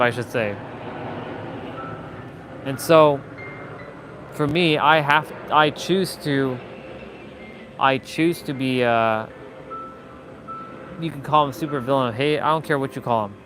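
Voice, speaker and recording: A man's voice: medium pitch, background noise. A man hosting a motivational livestream, talking in a blunt, rambling way with many restarts and fillers. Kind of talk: casual live-stream monologue.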